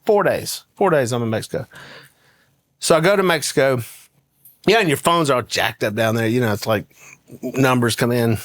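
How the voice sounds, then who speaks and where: A man's voice: mid-range voice, moderate pace, long pauses, no echo. A middle-aged man with a Southern American accent, telling a story in casual talk as a guest and laughing as he goes. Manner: animated, laughs through his story.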